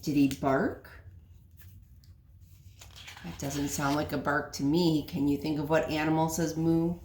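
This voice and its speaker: Woman teacher reading a kids book, slow and gentle, lots of questions, echoey room. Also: deep voice, little pitch movement. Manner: gentle, questioning, explains words simply. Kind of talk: reading a picture book aloud to children.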